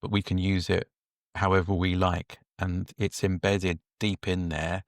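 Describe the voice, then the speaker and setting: A man hosting an interview, asking measured, thoughtful questions. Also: low-pitched, level tone, dry recording, studio quality. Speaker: podcast host.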